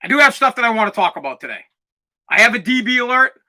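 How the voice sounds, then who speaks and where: Fed-up 40s male podcast host, high, biting voice, profane rant with shouted outbursts. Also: sing-song, fast talker. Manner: aggravated, profane, bursts into shouting. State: dusty throat, clearing it and coughing. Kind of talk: angry ranting monologue.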